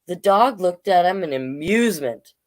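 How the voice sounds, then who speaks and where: A drag king storyteller reading a children's picture book aloud at home, with playful asides and loud animal noises. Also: lowish voice, animated, moderate pace.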